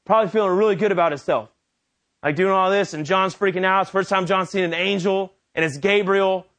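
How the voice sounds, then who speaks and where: Sex: male. Role: preacher. Style: conversational sermon. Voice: high for a man. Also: a little fast. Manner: animated, conversational storytelling.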